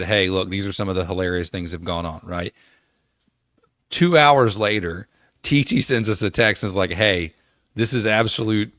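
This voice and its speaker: A man co-hosting a podcast in casual chat, quick to laugh and cut in. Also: lowish voice, fairly bright tone, no room sound, clean studio sound. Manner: laughs easily, interjects. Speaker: podcast co-host.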